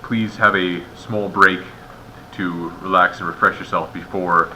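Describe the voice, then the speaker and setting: A man's voice: sits low, fairly even intonation, measured pace, sharp tone, a little hiss or hum, low-quality recording. A man giving a methodical step-by-step walkthrough as an instructor, explaining each point and posing rhetorical questions. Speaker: instructor guiding raters.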